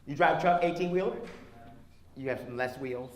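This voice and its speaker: Brash high-voiced stand-up comic. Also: male voice, brisk, reverberant. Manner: brash, profane, teasing the audience. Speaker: stand-up comedian. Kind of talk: stand-up set with crowd work. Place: comedy club stage. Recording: live club with audience noise.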